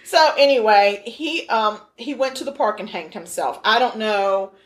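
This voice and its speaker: A woman co-hosting a casual podcast, telling a story in an animated, joking way with frequent laughs. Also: fairly high pitch, normal speed. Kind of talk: casual chat.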